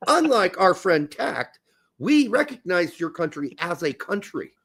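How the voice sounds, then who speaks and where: A man with a high voice chats casually as a podcast co-host. His pitch swings widely as he jokes and laughs, wandering into rambling asides. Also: sing-song, unhurried, a bit bright, husky.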